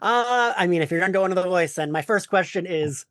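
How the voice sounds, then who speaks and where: A man in his forties hosting a casual interview, enthusiastic and quick to laugh. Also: high voice, a bit bright, dry recording, studio quality. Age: 40s. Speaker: podcast host.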